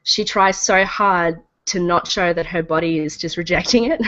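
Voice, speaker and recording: A woman's voice: on the low side, moderate pace, a bit bright, no echo, highs cut off. A woman player casually describing her character's actions in a tabletop game, a bit hesitant, over an online call.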